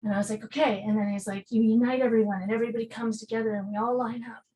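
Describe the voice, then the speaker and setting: Woman podcast guest, lively storyteller, voice sits a little high, acts out dialogue, swears casually. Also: rapid-fire, poor audio. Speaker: podcast guest, spiritual healer.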